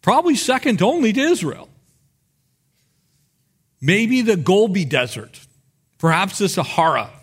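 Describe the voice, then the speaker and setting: A male pastor preaching a sermon, telling Bible stories in an animated way and acting out the people in them. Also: high-pitched, unhurried, pauses often, breathy edge. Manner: animated storytelling, acts out biblical figures.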